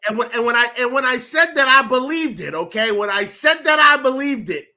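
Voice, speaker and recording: A man co-hosting a casual sports chat, loud and hyped, swearing and repeating himself. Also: extremely high pitch, very animated, fast. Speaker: podcast co-host.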